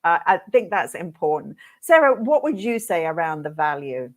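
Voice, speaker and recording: A middle-aged hairdressing educator hosts a webinar for hairdressers, speaking at normal speed in a fairly low voice. She's a lively, animated storyteller who acts out her own reactions.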